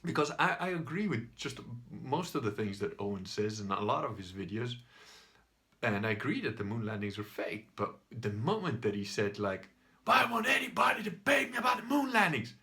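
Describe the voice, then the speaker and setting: A man's voice: lowish voice, animated, normal speed, fairly bright tone. A man hosting his own video, telling a story in a casual monologue, swearing now and then. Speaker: video host.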